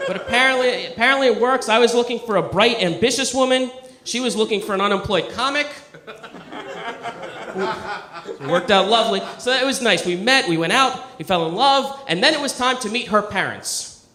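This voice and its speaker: A man doing a stand-up comedy set on a club stage, with a conversational, self-deprecating delivery and deadpan asides. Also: high-pitched, moderate pace, crowd noise. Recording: echoey club room.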